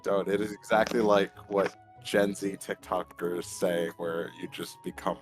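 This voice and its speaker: A man's voice: sits low, steady tone, a little slow, music in the background. A man in his thirties, a player at a tabletop game, making dry jokes in casual chat. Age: 30s.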